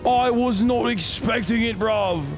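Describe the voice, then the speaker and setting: A man's voice: very high-pitched, unhurried, music in the background, pitched above the performer's own voice. A man doing a cocky, constantly swearing Scouse lad voice while playing a game. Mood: frantic. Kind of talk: comic put-on voice while gaming.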